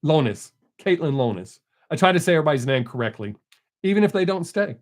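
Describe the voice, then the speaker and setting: A man's voice: fairly high pitch, big pitch swings, fast. An older man hosting a live stream, in casual folksy chat, joking and greeting viewers from the chat by name.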